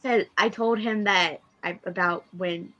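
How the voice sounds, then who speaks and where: Bright-voiced giggly woman telling a story. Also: mid-range voice, measured pace, highs cut off. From Kansas. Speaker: podcast co-host. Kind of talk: casual chat.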